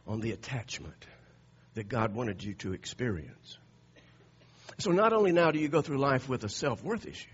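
A man preaching a sermon, telling stories with animated swings between loud and hushed delivery. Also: mid-range voice, slightly rough. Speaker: pastor. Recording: dull lo-fi sound.

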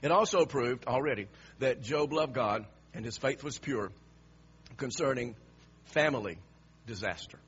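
A man preaching a sermon, dropping to hushed lines and then rising to emphatic, raised passages. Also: mid-range voice, animated, unhurried, dull audio, slight background noise.

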